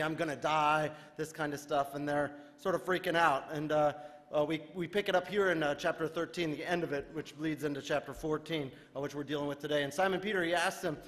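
A male pastor preaching a sermon in a relaxed, conversational way, retelling scripture in everyday modern speech. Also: on the high side. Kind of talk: casual sermon. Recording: reverberant church hall.

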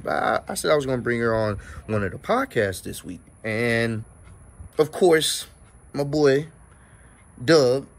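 A man hosting his own vlog, talking casually and with exasperation, swearing freely. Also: on the low side. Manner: exasperated, profane, conversational. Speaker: vlog host. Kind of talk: casual rant to camera.

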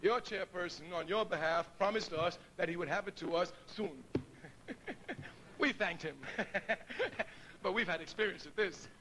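A man's voice: high-pitched, a little slow, background noise. A middle-aged man giving a public speech to an audience, telling stories, laughing often and acting out the voices of people he quotes. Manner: storytelling, laughs often, acts out quoted dialogue. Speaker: speaker addressing an audience.

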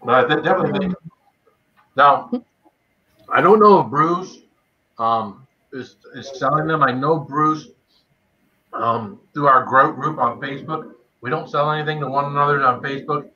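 A man with a slightly high, sharp-toned voice talks at normal speed with long pauses, hosting a casual livestream where he eats spicy food and greets viewers by name. The stream audio is dull and lo-fi.

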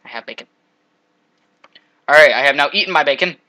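A young man giving casual, jokey commentary while playing a game, trash-talking monsters with sudden loud outbursts. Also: on the high side, brisk, poor audio. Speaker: gameplay commentator.

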